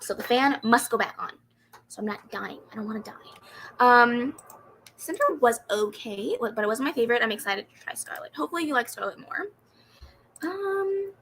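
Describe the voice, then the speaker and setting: A woman's voice: on the high side, sharp tone, slight background noise, low-quality recording. A young woman hosting a casual reading livestream, chatting animatedly and giggling as she answers comments. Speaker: booktube livestream host. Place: home room with a fan running.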